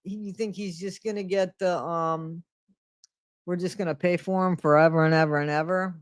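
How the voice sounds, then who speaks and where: A woman's voice: lowish voice, fairly even intonation, normal speed, no echo, studio quality. A middle-aged woman hosting a casual live stream from home, greeting viewers by name and repeating her phrases. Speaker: livestream host.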